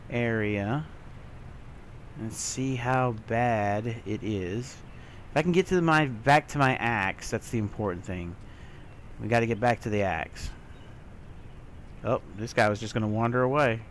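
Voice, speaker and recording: A let's-play host talks casually over his own gameplay, muttering, swearing, and letting out loud excited yelps. His voice is mid-range, with a little hiss or hum from a desktop mic that has software trouble.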